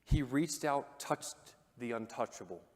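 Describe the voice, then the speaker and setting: Preaching in a church auditorium, a man with an average-pitched voice mixes lively, chatty delivery with playful jokes. For emphasis he sinks into hushed, dramatic pauses, and a long reverb follows his words around the hall.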